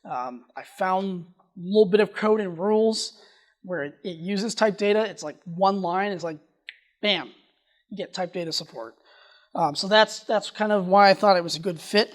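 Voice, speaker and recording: A conference speaker giving a technical presentation, talking quickly and often restarting sentences. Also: medium pitch.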